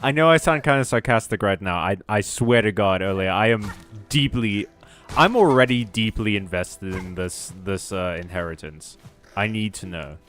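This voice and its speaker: A man with a lowish voice rambles casually while he plays a video game on stream. He jokes about himself and swears freely. Faint game music sits under his talk. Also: expressive, normal speed, fairly bright tone. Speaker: VTuber streamer. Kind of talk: casual gaming stream chat.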